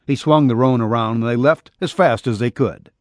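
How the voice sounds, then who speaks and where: A man narrating a romance audiobook in a plain, steady storytelling manner. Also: medium pitch, normal speed, no room sound, clean studio sound. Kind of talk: scripted narration.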